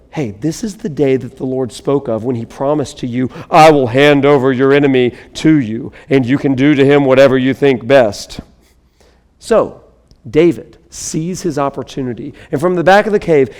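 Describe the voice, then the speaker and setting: A man's voice: medium pitch, darkish tone, big-room sound. A man preaching a sermon, reading scripture dramatically and breaking into casual asides to the congregation. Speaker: pastor.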